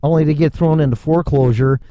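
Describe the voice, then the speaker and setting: A man's voice: on the high side, steady tone, quick pace, warm tone, no echo. A man hosting a solo podcast, ranting sarcastically and swearing freely into a microphone. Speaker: podcast host. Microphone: studio microphone.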